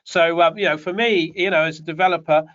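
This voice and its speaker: A man with a notably high voice coaches property developers, rambling and joking as he talks. The sound is dull and lo-fi, like a video call. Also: steady tone, fast, a bit bright. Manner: chatty, rambling, joking asides. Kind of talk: online Q&A session. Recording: dull lo-fi online call audio.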